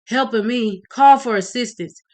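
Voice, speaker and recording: A woman's voice: a little high, quick pace, fairly bright tone, voice pushed up, natural voice. A woman voicing a second male police officer in a read-aloud novel, shocked and outraged. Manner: outraged, raised voice.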